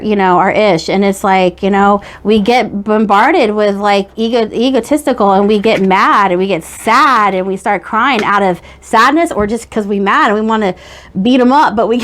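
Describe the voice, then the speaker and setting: A woman giving a casual tarot reading. She talks in a chatty, rambling way and keeps checking in with her listeners. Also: fairly high pitch. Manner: chatty, rambling, frequent "okay?" check-ins. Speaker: tarot reader.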